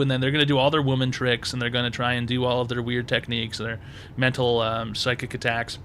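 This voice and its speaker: A man's voice: mid-range voice, fairly even intonation, fast talker, pushed and bright, slight background noise. A man hosting a call-in advice show, blunt and crude, hammering points home by repeating himself.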